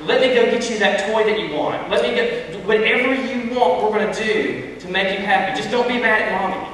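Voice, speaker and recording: An apologetic mother pleads with her upset child and promises whatever they want, as a man puts her on. The voice sits a little high and comes from a distance, with a long echo around it. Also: fairly quick, fairly bright tone. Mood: pleading. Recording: echoey hall, far from mic.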